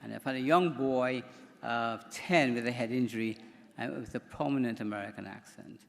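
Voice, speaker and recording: A doctor gives a conference presentation in a conference hall, talking in a chatty, rambling way and repeating words. His mid-range voice moves at normal speed with vocal fry. The microphone picks up hall reverb from the conference room.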